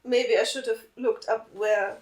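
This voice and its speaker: A woman co-hosting a casual podcast, speaking slowly and teasing with giggles. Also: a little high, steady tone, echoey room. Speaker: podcast co-host and writer. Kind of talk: casual chat and group reading.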